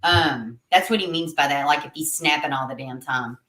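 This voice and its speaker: A woman's voice: low-pitched, moderate pace, a bit bright. Chatty woman streamer, echoey. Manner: chatty, laughs often, talks to viewers. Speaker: livestream host reading chat. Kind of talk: casual livestream chat.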